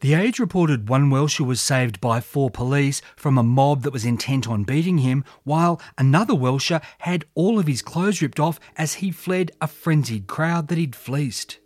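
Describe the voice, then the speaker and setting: A man's voice: on the high side, animated, normal speed, few pauses, a little mellow, no echo. Dramatic male history narrator. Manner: dramatic storytelling delivery. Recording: faint music underneath.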